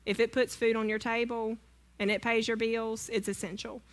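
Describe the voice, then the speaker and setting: A woman's voice: on the high side, little pitch movement, normal speed. A woman, speaking to a church congregation, telling a humorous personal story in a chatty, self-deprecating way and asking the audience questions. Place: church sanctuary.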